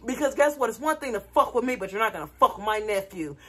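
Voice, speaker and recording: A woman's voice: on the high side, fast, husky. A woman vlogger talking casually to her viewers, telling a dramatic story with lots of energy. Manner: animated, dramatic retelling with laughter.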